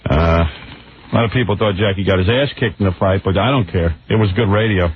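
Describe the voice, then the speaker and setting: A man's voice: low voice, fast, slightly rough, narrow, tinny audio. A man hosting a radio show, with crude and mocking banter. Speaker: radio host.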